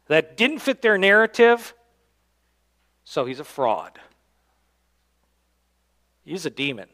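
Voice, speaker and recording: A man, the church's pastor, preaching a sermon and reading scripture aloud, swinging between loud emphatic lines and quiet low endings. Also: big pitch swings, slow pace. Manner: reads scripture aloud in King James wording. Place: church sanctuary.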